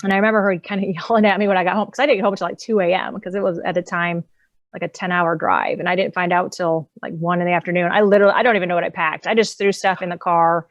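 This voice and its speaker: A woman's voice: lowish voice, steady tone, fast talker, no room sound. Candid woman telling her story, dull. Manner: candid, laughs often between thoughts. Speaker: empowerment coach and author, guest. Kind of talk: casual personal storytelling.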